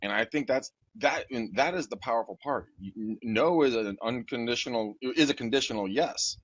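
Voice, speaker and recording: A man's voice: medium pitch, normal speed, dry recording. A man hosting a podcast, blunt and joking, casually swearing as he tells stories. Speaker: podcast host. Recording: dry, muffled lo-fi audio.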